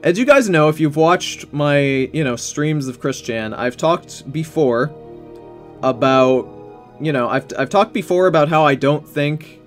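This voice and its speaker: A man's voice: on the high side, lively intonation, measured pace, faint music behind. Profane rambling young man storyteller. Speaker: streamer. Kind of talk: casual storytelling while drawing.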